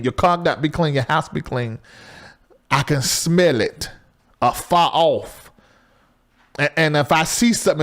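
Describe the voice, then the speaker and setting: Middle-aged man, talk show host, lively high pitch, casual monologue. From Southern US. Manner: loose, chatty and animated, swings between high exclaims and low asides.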